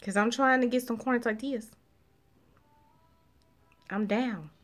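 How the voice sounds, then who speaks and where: Slow, slangy, laughing woman chatting with viewers. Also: fairly high pitch, soft background music. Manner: loud, slangy, laughs often, talks to chat. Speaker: livestream host chatting with viewers. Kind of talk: casual chat reading live comments.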